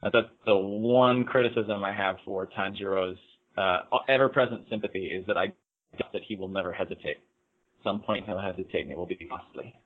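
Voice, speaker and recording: A man on a podcast, calmly giving his analysis of an anime with frequent hesitations. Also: low voice. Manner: measured, analytical, hesitant fillers. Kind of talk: casual anime discussion. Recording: tinny phone-like line.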